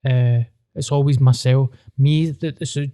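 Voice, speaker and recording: A man's voice: medium pitch, fairly even intonation, measured pace, warm tone, no room sound, clean studio sound. A man with a Glaswegian Scottish accent, a comedian hosting a podcast, chatting bluntly with sweary, self-mocking banter. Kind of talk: casual podcast chat.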